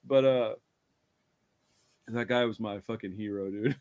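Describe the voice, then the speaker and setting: A man's voice: medium pitch, huge pitch swings, very slow, pauses often. A man chatting casually about a horror movie, hyper and tired, swearing often, laughing a lot and acting out scenes. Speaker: podcast co-host. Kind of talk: casual movie review chat.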